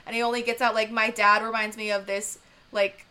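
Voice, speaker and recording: Bright-voiced woman rambling about a film. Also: fairly high pitch, flat delivery, a little fast, clean tone. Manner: rambling, giggly storytelling. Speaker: podcast co-host. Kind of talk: casual movie review chat.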